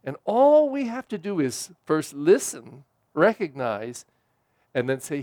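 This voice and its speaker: Speaking slowly with big swings in pitch, a priest with a fairly high voice gives a homily at Mass. The sound is dry and close, without echo, and he preaches conversationally, rising to stress points and dropping gently when he prays.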